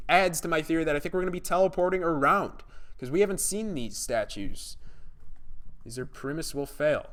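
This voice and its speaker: A young man commenting on a game trailer during a live stream, reacting with excitement and talking to his chat viewers. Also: a little high.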